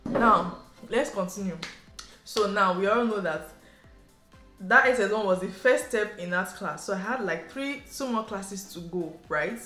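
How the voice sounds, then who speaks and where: A woman from Nigeria with a Nigerian English accent, telling a story to camera in a chatty, animated way and sprinkling in local slang. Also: medium pitch, a little slow. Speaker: vlogger. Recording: roomy echo, faint background music.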